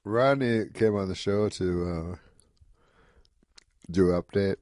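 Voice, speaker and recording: A man guest on a radio show, telling rambling deadpan anecdotes with plenty of "you know". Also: deep voice, slow pace, no room sound, clean studio sound. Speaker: comedian guest. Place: radio studio.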